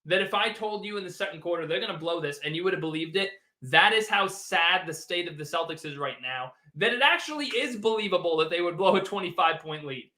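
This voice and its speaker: A man's voice: sits high, expressive, a little fast, few pauses, pushed and bright. A man hosting a postgame sports livestream, reading viewers' chat and ranting in an exasperated, sarcastic way. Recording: roomy echo.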